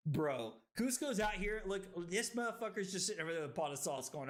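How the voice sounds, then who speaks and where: A man streaming a card game live, excitable and tipsy, swearing and bursting into yells. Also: high voice, a little fast, hardly any pauses.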